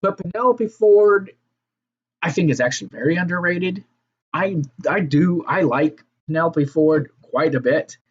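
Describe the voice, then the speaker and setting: A man's voice: on the high side, expressive, a little slow, breathy edge, muffled recording. A man giving a casual, rambling solo review of a wrestling show, swearing freely and trailing off into fillers. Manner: profane, rambling, fillers and restarts.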